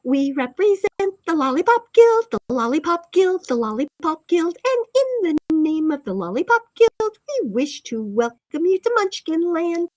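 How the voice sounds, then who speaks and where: Woman doing a small tough munchkin fellow, exaggerated chanting, high and dry. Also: sing-song, normal speed, few pauses, a little mellow, no echo. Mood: sing-song. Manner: sing-song chant, exaggerated. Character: tough little munchkin boy, gruff.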